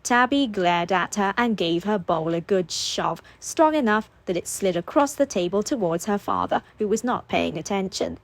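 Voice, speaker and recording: A woman narrates an audiobook in a steady, expressive storytelling voice. Her pitch sits in the middle range, neither high nor low. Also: normal speed, hardly any pauses.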